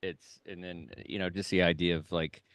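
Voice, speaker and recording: A male comedian co-hosting a podcast, talking in an easygoing, rambling way that often trails off quietly. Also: low-pitched, little pitch movement, moderate pace, clean tone, no echo. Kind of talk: casual shop talk.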